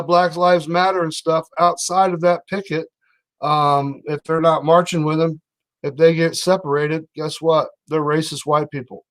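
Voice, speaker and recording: A man's voice: a little high, fairly bright tone. A man giving casual, blunt commentary on news clips, rambling with fillers.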